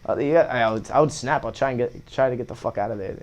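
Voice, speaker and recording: A young man, a guest musician in a casual interview, telling stories in loose slang with lots of swearing and animated retellings. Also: medium pitch, fast.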